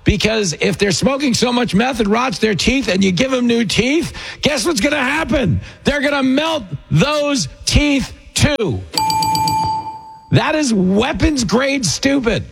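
Sarcastic middle-aged radio host, husky. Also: male voice, very high-pitched, expressive, measured pace, fairly bright tone. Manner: sarcastic, mocking, puts on voices for effect. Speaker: radio talk show host and comedian. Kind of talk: opinionated political talk radio monologue.

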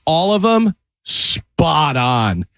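A man's voice: fairly high pitch, big pitch swings, very slow, a bit bright, no room sound. Easygoing radio co-host man. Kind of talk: casual radio banter.

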